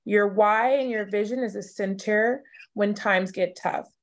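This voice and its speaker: A woman reading self-affirmations aloud as a cast member, in a steady, earnest way. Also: mid-range voice, a little slow.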